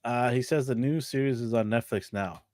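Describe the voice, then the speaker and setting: A man co-hosting a toy show in casual chat, reading viewer comments and teasing with quick jokes. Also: medium pitch, darkish tone, dry recording, clean studio sound.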